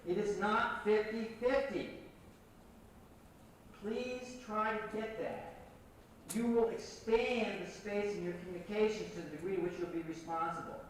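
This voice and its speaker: A man giving an animated workshop lecture, repeating points and directing the audience, recorded from far off on old reel tape in an echoey hall. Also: sits high, unhurried, slight background noise. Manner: animated, repetitive, coaching the audience.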